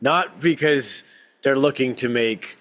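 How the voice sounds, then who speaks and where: A man co-hosting a podcast in casual chat, animated and repeating himself as he talks. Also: medium pitch, takes it slowly. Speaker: podcast co-host.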